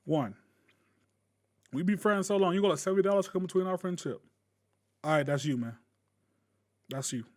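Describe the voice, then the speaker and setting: A man ranting casually to camera as a gaming YouTuber, blunt and profane, with sudden loud bursts. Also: high-pitched, moderate pace, long pauses.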